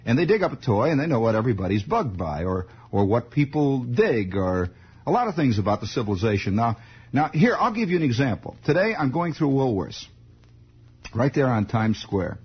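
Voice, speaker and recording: A man's voice: mid-range voice, sing-song, fairly quick, husky. A man hosting a late-night radio monologue, rambling, wry and sardonic. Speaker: radio host. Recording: dull 1960s radio broadcast.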